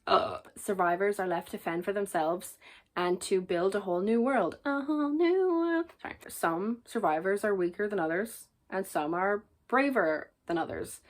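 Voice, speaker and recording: A woman with a somewhat low voice chats casually to her camera as a book reviewer. She is jokey and enthusiastic as she talks through her picks.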